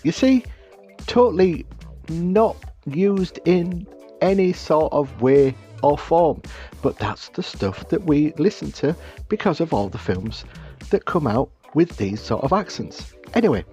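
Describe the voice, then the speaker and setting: A man's voice: on the high side, animated, a little slow, mellow, soft background music. A British man narrating his own craft build as channel host, with wry, self-deprecating humor. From Britain.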